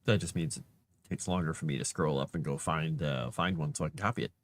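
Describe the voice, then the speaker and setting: A man on a casual livestream, thinking aloud to himself as he formats a document and grumbling at the software. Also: rumbling low, fast talker. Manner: mutters to himself while working, grumbles at software.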